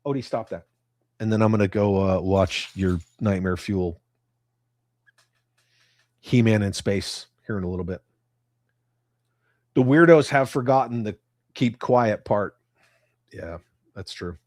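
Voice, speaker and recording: A middle-aged man with a fairly low voice hosts a casual livestream, reading out viewer comments. He rants bluntly and swears freely. His voice sounds dry and close. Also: unhurried, pauses often, a little mellow, no room sound. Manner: blunt and profane, ranting. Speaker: livestream host.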